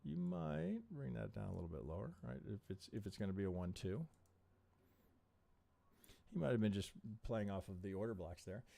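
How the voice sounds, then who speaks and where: A man's voice: fairly low pitch, lively intonation, normal speed, creaky, warm tone. A man hosting a live stream chart review, thinking aloud with rhetorical questions and swearing under his breath in frustration. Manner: frustrated, swearing, muttering to himself. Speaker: trading analyst and live stream host.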